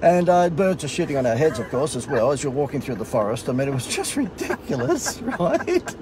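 A man's voice: a little high, very animated, fairly quick, background noise. A middle-aged Australian man casually telling a funny story in a sarcastic, self-mocking way. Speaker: host.

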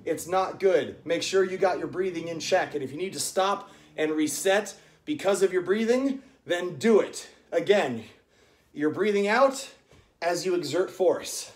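A man leading a live-streamed home workout, chatting and counting reps aloud in a coaching manner. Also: high-pitched. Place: indoors at home. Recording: echoey room.

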